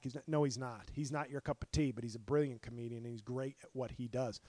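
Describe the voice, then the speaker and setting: A middle-aged male comedian with a hoarse, worn voice, talking in a profane, passionate solo podcast rant full of restarts. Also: mid-range voice, fairly even intonation, quick pace, few pauses, a little mellow, no room sound. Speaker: stand-up comedian and podcast host. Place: apartment.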